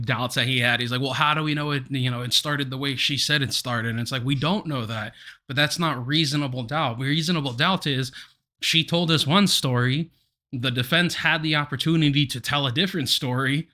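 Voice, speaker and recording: Bright, lively man telling a story. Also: mid-range voice, brisk. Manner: animated, laughs often mid-story. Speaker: podcast co-host. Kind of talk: casual storytelling chat.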